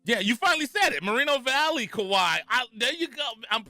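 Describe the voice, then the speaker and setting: Man, sports radio co-host, lively swooping delivery, bright forceful tone, dry studio sound, faint music behind. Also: very high voice, fairly quick, no echo. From California. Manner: animated, playful banter. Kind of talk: casual sports talk radio. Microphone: studio microphone.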